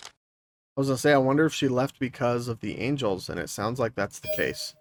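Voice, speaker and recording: A man's voice: mid-range voice, animated, fairly quick. A man streaming a let's play, casually thinking aloud as he reads through the story. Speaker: gaming streamer.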